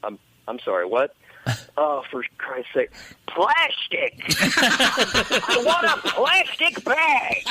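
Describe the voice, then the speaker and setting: A screechy nasal comedian impression, totally outraged, shouting way up high. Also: male voice, sing-song, slow, long pauses, a little hiss or hum, heavily acted, poor audio. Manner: yelling in outrage. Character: shrill exasperated famous comedian, impression.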